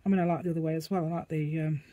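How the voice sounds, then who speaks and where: A woman's voice: low voice, steady tone, racing, dark tone, no echo. A woman chatting casually as she demonstrates a craft, rambling as she works and making asides to her dog. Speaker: craft vlogger.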